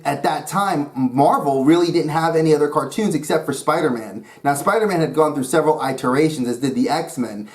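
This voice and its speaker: A man's voice: fairly high pitch, darkish tone. A man from New York hosting his own channel, talking about cartoons in a rambling, enthusiastic way. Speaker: YouTube channel host. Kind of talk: casual vlog talk.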